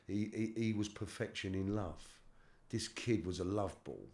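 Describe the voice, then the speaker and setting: Low-voiced London man telling his story. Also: a little mellow. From London, England. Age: middle-aged. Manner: halting, repeats words, casual slang. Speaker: guest. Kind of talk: candid life-story interview.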